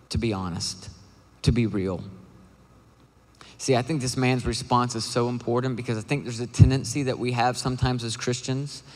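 A man preaching a sermon as a pastor, talking in an earnest, conversational way with quick asides and fillers. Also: medium pitch. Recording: long hall reverb.

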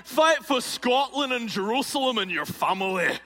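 A kilted ancient warrior chief roars battle cries at his troops, high and strained, as a preacher puts him on. The voice is bright and forceful. Long reverb from a large hall trails after each shout. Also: expressive, moderate pace, exaggerated voice. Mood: rousing.

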